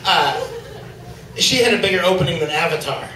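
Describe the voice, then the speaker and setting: On a comedy club stage, a stand-up comedian does a loose, rambling set with lots of fillers, recorded from far off in the echoey club with slight background noise. His high-pitched voice is expressive, bright, and forceful, a little fast.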